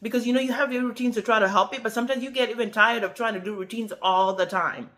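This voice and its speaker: A woman's voice: a little high, fast talker. Chatty woman in her forties vlogging. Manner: chatty, animated retelling, frequent "okay?" check-ins. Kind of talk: casual talk to camera.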